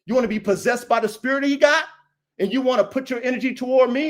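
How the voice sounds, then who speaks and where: Male podcast host, AAVE speech, very high voice, combative and repetitive, addressing a rival directly. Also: fast talker. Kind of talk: confrontational livestream call-out.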